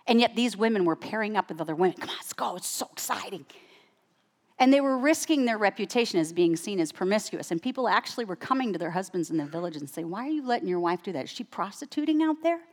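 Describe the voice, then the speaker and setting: A woman in her forties or fifties preaching a sermon as a guest speaker, telling a personal story with animated, emphatic rises in her voice. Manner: animated, rising to high emphatic peaks. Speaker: guest speaker and women's Bible teacher.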